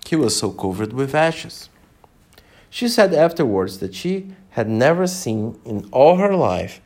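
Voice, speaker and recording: Gravelly guy reading a kids story out loud, lively up and down, casual with slips. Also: medium pitch. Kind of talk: reading a children's story aloud.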